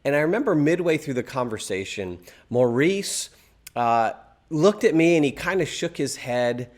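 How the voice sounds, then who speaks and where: Male teacher for a course video: somewhat high, highly animated, emphatic storyteller. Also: moderate pace. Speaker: Christian apologetics teacher.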